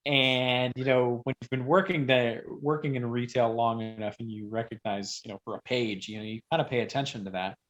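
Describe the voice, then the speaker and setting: A man who is a guest on a podcast, telling a story casually and rambling, with sudden loud bursts when he acts out quotes. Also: medium pitch, steady tone, a little fast, hardly any pauses, highs cut off.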